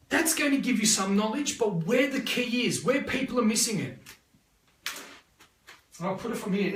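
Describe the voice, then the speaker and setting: An Australian man in a live motivational talk as a life coach, energetic and rambling, repeating himself and checking in with "yeah?". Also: extremely high pitch, echoey room, far from the mic, a little hiss or hum. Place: live online session.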